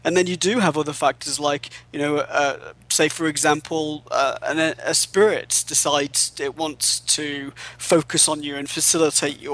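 A man's voice: on the high side, fairly bright tone. A man explaining spiritual ideas as an interview guest, in a thoughtful, hesitant way.

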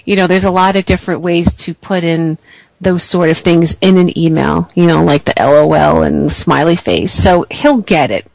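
Lady psychic giving a reading, lowish voice, dry and close, keeps saying you know. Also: darkish tone, no room sound, rough recording. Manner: reassuring, encouraging, many "you know" fillers. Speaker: psychic reader. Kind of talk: intuitive reading for a caller.

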